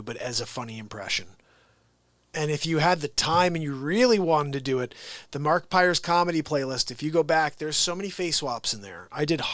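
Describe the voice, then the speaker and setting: A male comedian and host rambling through a casual comic monologue, lively and prone to laughing between jokes. His voice sits a little high, recorded dry and close. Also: dry recording.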